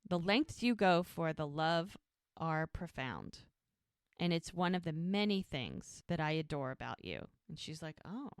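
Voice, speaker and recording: A woman co-hosting a podcast, recapping a TV episode in a relaxed, chatty way. She slips into the characters' lines as she goes and laughs often. Her voice is smooth and on the low side, recorded dry and close. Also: unhurried, dry recording. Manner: retells scenes by acting out lines, laughs often. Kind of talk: casual chat.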